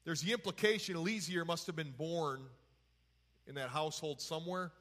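Male Bible teacher, conversational and folksy, a bit high-pitched. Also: moderate pace, fairly bright tone. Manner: folksy, paraphrases scripture in everyday talk.

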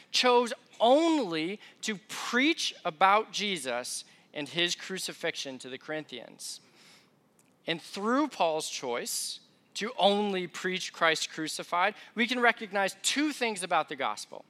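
A man's voice: sits high, slow, sharp tone. A young man preaching a sermon in a conversational, self-deprecating storytelling way.

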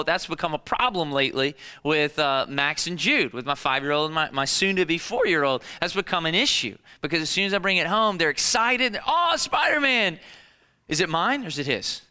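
A man in his thirties preaching a sermon, telling stories in an animated way and acting out the people in them in quick voices. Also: high voice, clean tone. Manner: animated storytelling, acts out disciples and kids in quick voices. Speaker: pastor.

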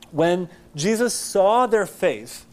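A man preaching a sermon, explaining scripture in a conversational, animated way and acting out quotes. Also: sits high. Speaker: pastor.

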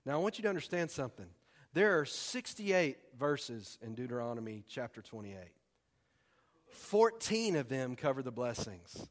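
Excitable preacher in a reverberant hall. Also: male voice, medium pitch, normal speed. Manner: folksy, excitable preaching with sudden loud bursts. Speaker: pastor. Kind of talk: sermon.

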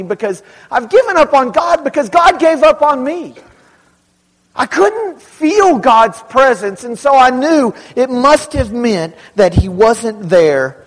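A man from Dallas speaking to a young audience, telling animated, self-mocking stories in a large hall. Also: sits high. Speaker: youth speaker. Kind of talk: storytelling talk to kids. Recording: long hall reverb.

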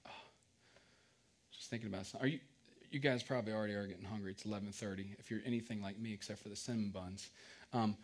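A man's voice: fairly low pitch, fairly even intonation, quick pace. A man preaching a casual sermon, joking and asking the congregation questions.

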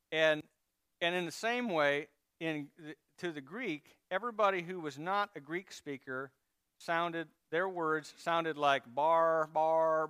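High, smooth-voiced male preacher. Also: a bit bright, no echo, clean studio sound. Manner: conversational preaching with asides and audience prompts. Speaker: pastor. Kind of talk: sermon.

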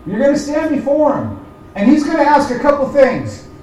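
Male pastor, high voice, preaching from a distance in a very echoey church, building to loud emphatic points before a quiet prayer. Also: huge pitch swings, normal speed, a little hiss or hum. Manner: rises and presses hard on points, then drops to a quiet prayer. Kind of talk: sermon. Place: church sanctuary. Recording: echoey church room from far off.

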